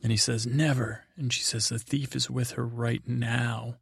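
A man hosting a sleep podcast, rambling through a meandering recap with offhand quick impressions of characters. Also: mid-range voice, little pitch movement, creaky, fairly bright tone, husky, dry recording, clean studio sound. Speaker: podcast host.

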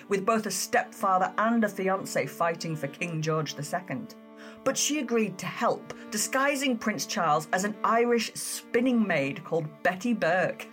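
A woman's voice: mid-range voice, fairly bright tone. A woman hosting a history podcast, narrating in a chatty, self-mocking way with giggly asides. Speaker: podcast host.

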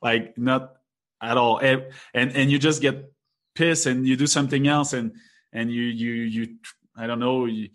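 A man's voice: medium pitch, steady tone, a little slow. Chatty young man. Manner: rambling, laughs often, many restarts. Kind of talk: casual chat.

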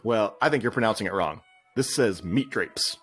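A man playing a blustering, loud male restaurant boss in a comedic scene reading, bullying and rhyming taunts at a waiter. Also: fairly low pitch, expressive, a little fast, slightly rough, soft background music, pitched below the performer's own voice.

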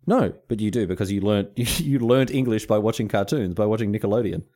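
A man with an Australian accent co-hosting a podcast in casual chat, animated and teasing, often laughing. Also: on the low side, fairly quick. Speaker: podcast co-host.

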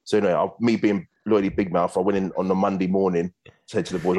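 Male guest, very low voice, brisk storyteller. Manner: fast, animated anecdotes with acted quotes. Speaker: former footballer guest. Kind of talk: casual storytelling interview.

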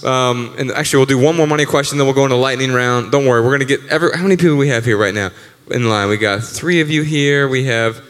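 A male podcast co-host speaking at a live event, measured and reflective, brisk when moderating audience questions. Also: mid-range voice, a bit bright, clean tone, in a large hall.

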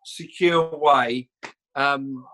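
Guy rambling through a story, bright voice, animated. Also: mid-range voice, drawn-out words, rough recording. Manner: lively storyteller, animated retelling. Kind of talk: casual chat, anecdote.

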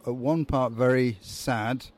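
A man with a Yorkshire accent, interviewed on a city street, sounding upbeat and measured. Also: mid-range voice, steady tone. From England.

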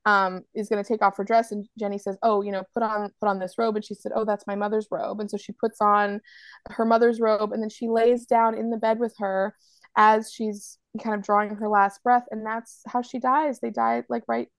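An American woman co-hosting a podcast, recapping scenes in a lively casual way with lots of "like". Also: mid-range voice, normal speed, no room sound. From United States. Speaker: podcast co-host. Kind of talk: casual chat.

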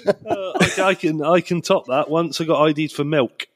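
A man's voice: on the high side, moderate pace, crowd noise. A British man in his forties co-hosting a podcast, swearing freely and laughing as he tells stories. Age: 40s. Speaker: podcast co-host. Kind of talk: casual chat.

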